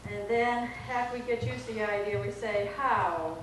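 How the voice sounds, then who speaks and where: A woman preaches a lively, playful sermon from a church pulpit, acting out the voices she quotes. Her voice sits a little high and is picked up from a distance. The sound rings through a very echoey hall over a steady hiss. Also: fairly quick. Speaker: minister. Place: church sanctuary.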